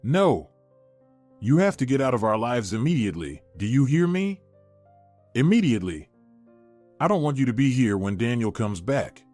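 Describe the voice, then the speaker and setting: A man voicing a distraught young village woman, pitching up to plead and shout, over faint music. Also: very animated, slow pace, hardly any pauses, husky, heavily acted.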